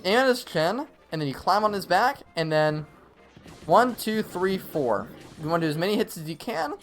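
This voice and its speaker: A young man talks through a live game stream, walking viewers through a boss fight in a loose, chatty way. His voice sits a little high, and he laughs and says "um" often. Soft game music plays faintly behind him. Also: sing-song, normal speed. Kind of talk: live gameplay commentary and tips.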